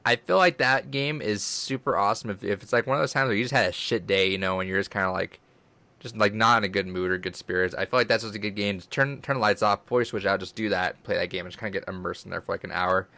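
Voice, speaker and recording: Enthusiastic, rambling man with a lower voice. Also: fast talker, gravelly, bright, forceful tone, no echo. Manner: enthusiastic, rambling, swears freely. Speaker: co-host. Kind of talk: casual chat.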